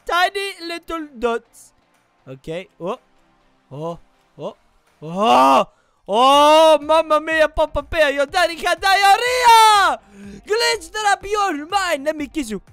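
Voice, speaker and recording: High-pitched, lively woman gaming. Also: no room sound. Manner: animated, silly, exclamatory. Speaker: gaming YouTuber. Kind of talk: gameplay commentary.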